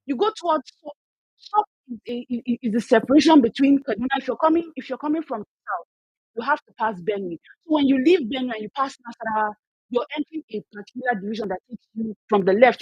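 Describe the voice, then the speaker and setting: Young Nigerian woman, angry and emotional, high voice, dry lo-fi online audio. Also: husky, no echo. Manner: emotional, angry, with many restarts. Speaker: speaker in an online audio discussion. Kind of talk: impassioned discussion.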